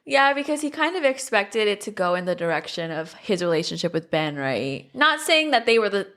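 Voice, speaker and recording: A woman co-hosting a casual book podcast, laughing often and dropping low to explain the story. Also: brisk. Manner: lively, laughing, drops low when explaining. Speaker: podcast co-host.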